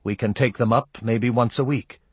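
A man voicing a cold, scheming young barmaid, in a husky voice. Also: medium pitch, fairly even intonation, normal speed, a little mellow, no room sound.

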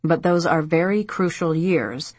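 A woman voicing a stern, blunt male police detective in an audiobook, questioning in a firm, measured way. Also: deep voice, breathy edge, no echo. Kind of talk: audiobook character voice.

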